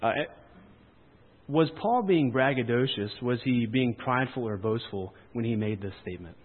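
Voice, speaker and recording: A man's voice: medium pitch, animated, normal speed. Man preaching, tinny and echoey. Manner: conversational, rambling, playful asides. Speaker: camp preacher. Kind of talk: sermon. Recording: tinny phone-like sound with long hall reverb.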